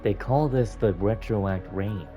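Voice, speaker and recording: Guy reading a calm chill game hero, lower voice, game music faint. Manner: calm and measured.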